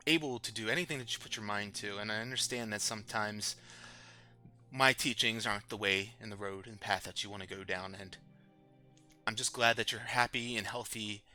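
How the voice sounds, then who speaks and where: A man voicing a gentle, sincere female dragon teacher in a tabletop game, soft-spoken and apologetic. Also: fairly low pitch. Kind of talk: in-character tabletop role-play.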